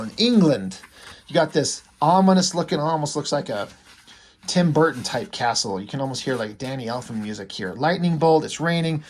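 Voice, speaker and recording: A man talking casually and with enthusiasm as he reviews a comic, rambling a little and using lots of fillers. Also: a little high.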